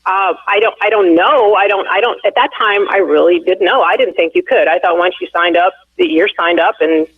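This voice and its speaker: A woman's voice: on the low side, a little fast, hardly any pauses. A woman in her forties, the candidate's wife, phoning in to an interview and telling a long story full of fillers and restarts. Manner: rambling, many fillers and restarts. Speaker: phone guest, candidate's wife. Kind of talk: casual storytelling on a call-in interview. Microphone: telephone. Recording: tinny phone line, dry.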